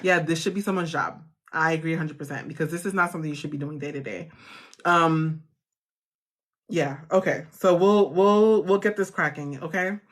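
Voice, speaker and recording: A woman's voice: low voice, steady tone, moderate pace. Reassuring woman host, laughing and restarting. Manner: warm, reassuring, laughs often, many restarts. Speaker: host of a live funding chat. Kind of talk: casual live-stream talk to viewers.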